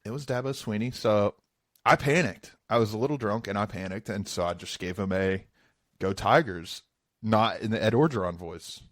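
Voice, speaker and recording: A young man co-hosting a casual sports podcast, with a somewhat low voice. He tells stories with lots of energy and laughs easily. The sound is dry and close, with no room echo. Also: fairly quick. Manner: animated storyteller, laughs easily. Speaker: podcast co-host. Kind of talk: casual chat.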